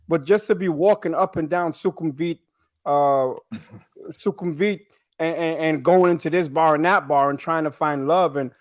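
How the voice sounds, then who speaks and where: A man's voice: fairly high pitch, normal speed, dry recording, studio quality. A man on a podcast panel telling blunt stories from life abroad in casual talk, often asking "you know what I'm saying".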